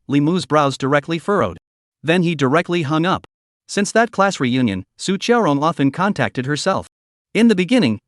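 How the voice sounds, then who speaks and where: A man's voice: a little high, dry recording, clean studio sound. A man narrating a manhwa story recap in a scripted reading voice.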